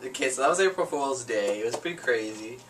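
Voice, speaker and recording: A man's voice: mid-range voice, expressive, fast talker, a bit bright, distant mic, a little hiss or hum. A young adult man hosting a casual student show, laid-back and jokey, with lots of filler words. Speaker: host. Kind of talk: casual chat.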